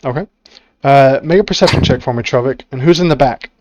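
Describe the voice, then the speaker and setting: A man narrating a tabletop game as game master, descriptive and pausing on fillers. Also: medium pitch, a little mellow, slight background noise.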